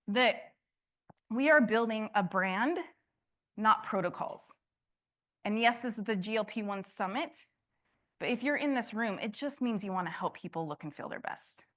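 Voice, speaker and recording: A woman's voice: medium pitch, a bit bright. A woman giving a conference talk to a room, passionate, often restarting and asking the audience questions. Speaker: conference speaker.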